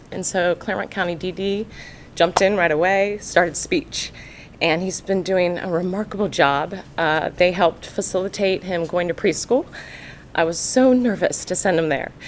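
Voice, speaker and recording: A woman speaking as a parent at a county board meeting, nervous and halting, with many fillers. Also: lowish voice, a little hiss or hum. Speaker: parent giving testimony. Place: public meeting room.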